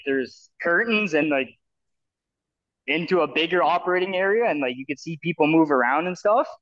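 A man's voice: on the high side, fairly bright tone, lo-fi sound. A man from Canada telling a long personal story in a loose, rambling way, full of fillers and restarts, acting out what others said to him. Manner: rambling, many fillers and restarts, acts out quoted voices. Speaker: guest telling his story. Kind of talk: casual storytelling.

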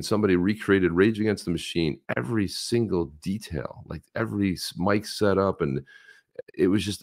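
A man co-hosting a casual talk show, telling stories in a rambling way with many restarts. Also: deep voice. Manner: jumps between voices for quoted people. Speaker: co-host. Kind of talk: casual chat.

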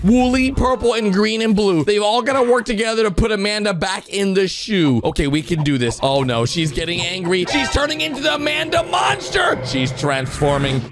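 A man giving excited reaction commentary over animations, exclaiming and calling out to viewers. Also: high-pitched. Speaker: YouTube commentator. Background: background music.

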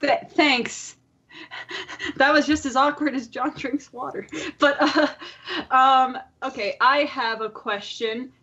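A woman from Ireland co-hosting a podcast in casual chat, giggly and chatty with quick asides. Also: high-pitched, fairly even intonation, bright, forceful tone, husky, muffled recording. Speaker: podcast co-host.

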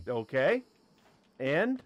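A man's voice: a little high, sing-song, drawn-out words, no echo, muffled recording. A man giving casual commentary as he plays a game, talking to the creatures on screen and breaking into sudden yelps and exclamations. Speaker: let's play host.

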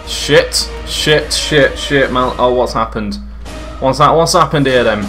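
A young man casually commentating his own football video game, excitable, swearing and shouting at the game. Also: medium pitch, a little slow, faint music behind. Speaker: gaming YouTuber.

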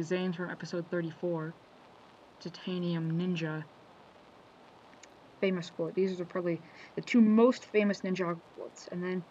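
A man's voice: high voice, little pitch movement, moderate pace, long pauses, darkish tone. A man casually talking through a quotes compilation for his video, rambling, losing his train of thought and correcting himself. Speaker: video creator. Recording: slightly dull lo-fi audio with faint background noise.

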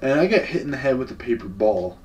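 A man's voice: medium pitch, sing-song, fast talker, a little mellow, slight background noise. Laid-back, slangy young man, mic far off. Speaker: vlogger. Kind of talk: casual story time.

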